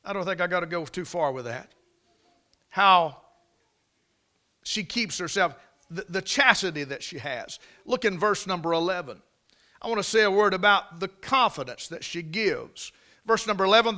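High, bright-voiced preaching man. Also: expressive. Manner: preaching with repeated words, drawn-out emphasis and rhetorical questions. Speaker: pastor. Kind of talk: sermon.

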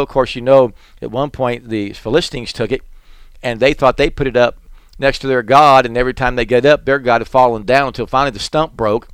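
A man's voice: mid-range voice, fairly quick, clean tone, no echo. A male preacher delivering a sermon with rhythmic, repetitive phrasing, his volume swelling and falling as he reads and chants scripture. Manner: chanting litanies and reading scripture aloud.

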